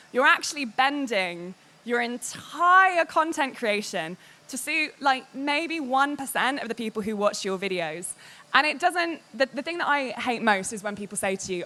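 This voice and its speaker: A woman giving a candid, animated public talk to an audience about working in games media. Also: on the high side, unhurried. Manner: animated and candid, quotes others in lively voices.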